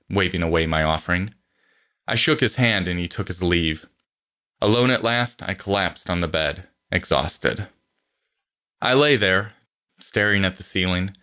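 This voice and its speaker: Male audiobook narrator, low voice, bright tone, lively, wry first-person reading.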